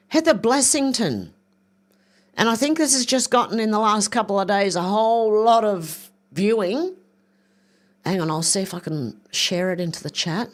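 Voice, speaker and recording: An older woman hosting a casual livestream, reading viewer comments aloud and rambling as she clicks around. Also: medium pitch. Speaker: livestream host.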